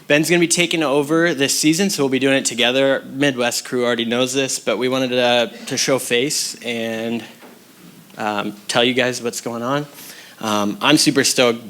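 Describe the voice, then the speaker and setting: A man making relaxed, casual remarks on stage, easygoing and full of fillers. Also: mid-range voice, normal speed. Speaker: regional director introducing a successor.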